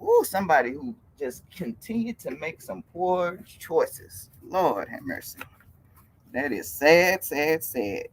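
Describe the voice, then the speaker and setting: A woman's voice: a bass voice, slightly rough. A woman in her forties hosting a casual fitness live stream, chatty and greeting her viewers by name with frequent laughs. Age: 40s.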